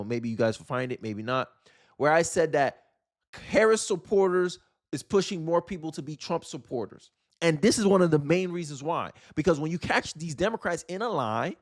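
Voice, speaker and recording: A young man hosting his own channel, giving casual political commentary in an exasperated, rambling way with many restarts. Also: a little high. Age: young adult.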